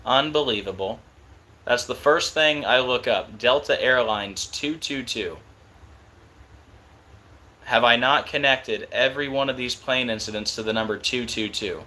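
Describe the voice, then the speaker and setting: Young male streamer, bright edgy voice, casual and excitable. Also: medium pitch. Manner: excited, disbelieving, fast-talking. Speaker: live stream host. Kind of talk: casual live stream talk.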